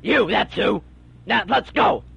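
A man playing a stern father in a homemade comedy radio play, gruff and commanding, with a gravelly, raspy voice. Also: sits high, expressive, slow, pushed and bright, muffled recording, full character voice. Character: stern gravelly father taking his son to be punished.

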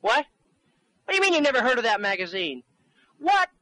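Excitable little guy doing a comedy bit, whiny, blows up fast, high bright voice. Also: dry recording, poor audio. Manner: excitable, whiny, quick-tempered. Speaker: comedy phone-tape performer. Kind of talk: comedy skit acting.

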